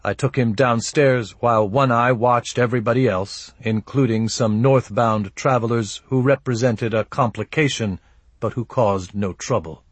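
A man's voice: mid-range voice, normal speed, breathy edge, no room sound. A man narrating an audiobook in first person, with a dry, laconic delivery.

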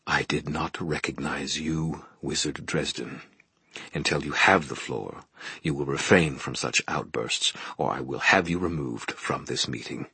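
A man playing a commanding old head wizard, ringing, stern, husky voice. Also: very deep voice, unhurried, pushed and bright, no room sound, exaggerated voice.

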